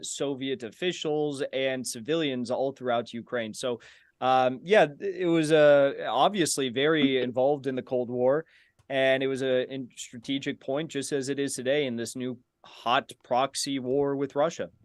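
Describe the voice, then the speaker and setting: A man's voice: medium pitch, dry recording, studio quality. A young man in a heated online debate, giving long answers in a taunting, argumentative way. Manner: taunting, repeating a jab.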